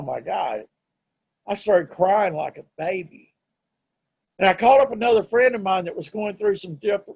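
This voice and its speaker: Earnest man with a husky voice. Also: sits high, dry recording, highs cut off. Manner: earnest, plain-spoken, candid. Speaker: recovery meeting speaker. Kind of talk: personal testimony talk. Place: home, online meeting.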